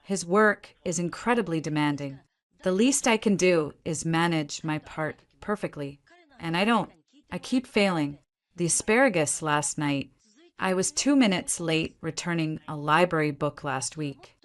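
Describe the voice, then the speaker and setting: A woman's voice: sits low, unhurried. A woman reading as an anxious young wife. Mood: distressed.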